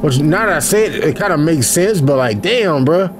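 A young man casually commentating as he plays a game, profane and excitable, talking to his viewers and yelping when he panics. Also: on the high side, normal speed, background noise. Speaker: gaming YouTuber. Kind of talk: casual let's play commentary. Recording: loud game music behind voice. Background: game music and sound effects.

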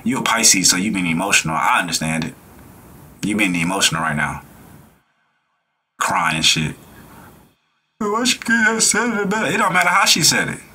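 Young male reaction streamer, bright husky voice, blunt and insistent. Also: fairly low pitch, big pitch swings, normal speed, long pauses. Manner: blunt, emphatic, repeats his point. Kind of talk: casual reaction commentary.

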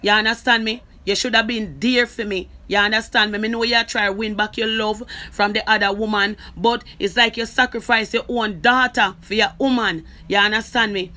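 Bright-voiced Jamaican woman, emphatic. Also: medium pitch, fairly even intonation, normal speed, hardly any pauses. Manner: keeps asking "you understand me?"; emphatic, forceful delivery. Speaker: social media creator. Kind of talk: direct-to-camera personal talk.

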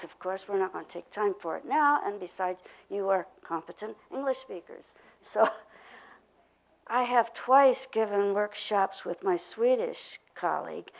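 Gravelly older woman leading a workshop. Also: mid-range voice, poor audio. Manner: explains concepts with spoken drills and repetition. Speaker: pronunciation workshop presenter. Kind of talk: teaching a workshop. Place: workshop room.

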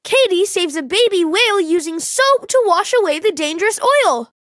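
A woman narrating a children's educational program in a clear, teacherly way. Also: extremely high pitch, lively intonation, moderate pace, fairly bright tone, a little hiss or hum. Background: faint music.

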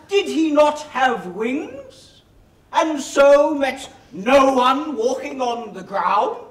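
A sour old farmer grumbles to himself in a stage play, played by a man. The voice sits very high and the words come out very slowly. It is caught from far off in an echoey hall. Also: sing-song, full character voice. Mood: brooding.

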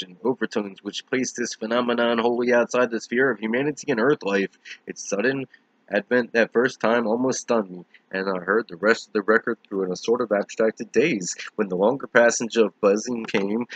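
A man giving a measured, solemn reading of a horror story. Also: on the low side, no echo. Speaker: reader. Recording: dull lo-fi recording.

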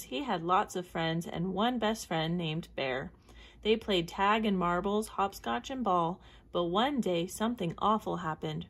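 A woman reading a children's picture book aloud in a clear, measured storytelling voice. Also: medium pitch. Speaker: storybook reader.

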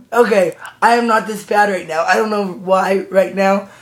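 A vlogger gives a casual update, his high-pitched voice hoarse and still recovering, with a sharp tone and a slow pace. Out of breath, he rambles and giggles, frequently restarting his sentences.

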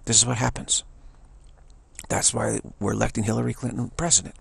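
A man giving a rambling spiritual talk, digressive and halting, restarting his sentences often. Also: mid-range voice, flat delivery, vocal fry, breathy edge, no echo. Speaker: spiritual teacher. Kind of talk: rambling spoken monologue.

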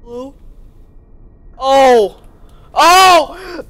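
A woman playing a horror game, jumpy and shrieking in panic, then muttering quietly between scares. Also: very high-pitched, expressive, drawn-out words, a little hiss or hum, rough recording. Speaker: gamer. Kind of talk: horror game let's-play commentary. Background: game music.

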